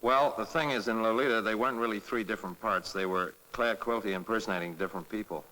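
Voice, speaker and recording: A very low-pitched English man talks in a chatty, playful manner. He is a middle-aged actor interviewed on set. The long reverb gives it the sound of a 1960s archive recording. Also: pushed and bright. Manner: chatty, playful, light and quick.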